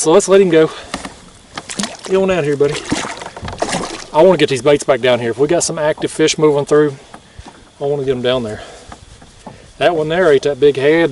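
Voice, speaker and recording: Excited man fishing from a kayak. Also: on the high side, recorded from a distance, a little hiss or hum. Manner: excited, laughing, folksy "y'all". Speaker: fishing vlogger. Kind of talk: casual outdoor vlog narration. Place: kayak on a river at night.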